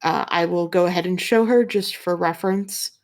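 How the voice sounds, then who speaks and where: A young woman narrating a tabletop role-playing game as game master, describing scenes in a relaxed, meandering way. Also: fairly low pitch, normal speed. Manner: relaxed, filler-heavy description.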